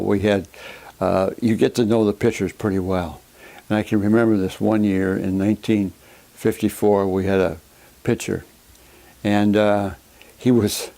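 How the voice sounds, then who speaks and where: An older man, a former catcher, recalling his playing days in an unhurried storytelling way with plenty of fillers. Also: lowish voice, dark tone. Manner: gravelly, unhurried, with many uh fillers. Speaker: former baseball catcher interviewee. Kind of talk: storytelling reminiscence.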